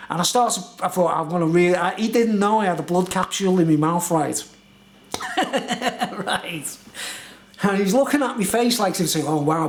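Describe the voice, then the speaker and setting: A man's voice: high-pitched, echoey room. A middle-aged man, telling a rambling story in a casual vlog and laughing as he goes. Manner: chatty, laughs often, fills with "you know what I mean".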